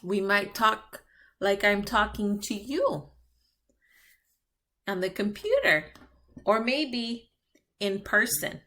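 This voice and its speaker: Slow, patient bilingual teacher woman. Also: medium pitch, expressive, bright, forceful tone. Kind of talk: bilingual classroom lesson.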